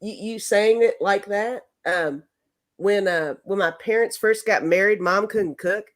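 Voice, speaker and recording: A woman co-hosting a casual livestream chat, telling stories in an animated way and trailing off softly. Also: medium pitch, measured pace. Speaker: co-host.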